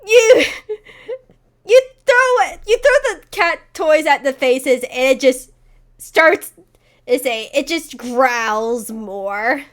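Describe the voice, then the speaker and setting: High lively woman narrating as game master. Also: takes it slowly. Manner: hesitant, searches for words, fills with "say".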